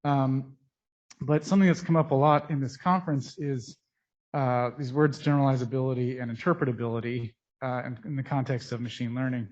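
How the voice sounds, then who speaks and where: Male scientist at a conference mic, mid-pitched, halting and technical, dull muffled sound through a mask. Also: steady tone, darkish tone. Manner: technical, halting with frequent pauses. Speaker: scientist presenting research. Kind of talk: conference lecture. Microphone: speaking into a mic.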